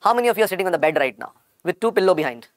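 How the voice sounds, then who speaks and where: Croaky indian guy teaching medicine online, talks quick, repeats stuff a lot, dry close sound. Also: high voice, sing-song, no echo. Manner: repetitive, calls students "beta". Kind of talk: online lecture.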